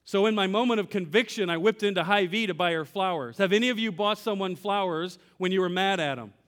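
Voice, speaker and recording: A man's voice: high voice, a little fast, fairly bright tone, long reverb tail. A man preaching a sermon as pastor, telling a personal story, acting out dialogue with God and asking the congregation questions. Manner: asks the congregation direct questions.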